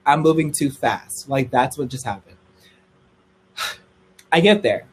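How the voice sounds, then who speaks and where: A young man telling a story on a livestream in a casual, gossipy way, swearing freely and squealing high when excited. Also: takes it slowly, breathy edge, low-quality recording.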